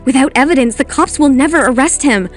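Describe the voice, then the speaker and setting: A woman narrating in the first person as a brave, sarcastic teenage schoolgirl in an animated story. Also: high-pitched, fast talker, faint music behind. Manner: sarcastic, determined.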